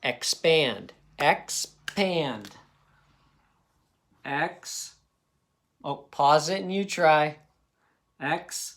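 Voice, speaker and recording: Slow, patient man teaching phonics. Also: fairly high pitch, fairly bright tone. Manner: slow, patient, says sounds syllable by syllable. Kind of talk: phonics lesson for children.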